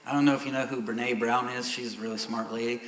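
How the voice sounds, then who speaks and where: A middle-aged man preaching a sermon as pastor, candid and growing loud and emphatic. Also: medium pitch, steady tone, quick pace. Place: church sanctuary. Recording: echoey church hall.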